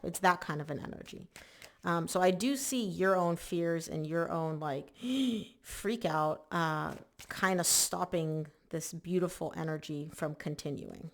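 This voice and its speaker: A woman with a lowish, gravelly voice talks through a tarot reading in a chatty, animated way. She speaks casually and with emphasis, often voicing the listener's inner worries as she goes. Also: measured pace. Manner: chatty and emphatic, lots of "like" and "oh my gosh". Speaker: tarot reader.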